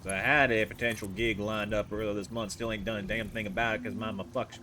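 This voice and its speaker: A man's voice: lowish voice, steady tone, quick pace, sharp tone, slight background noise. A man putting on a drawling folksy twang. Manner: rambling, crude, chatty drawl. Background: game music.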